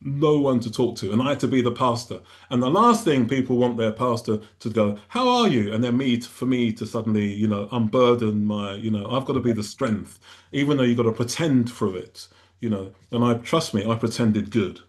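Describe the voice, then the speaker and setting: A man's voice: medium pitch, brisk. A male pastor talking earnestly on a radio panel, rambling and often restarting his sentences.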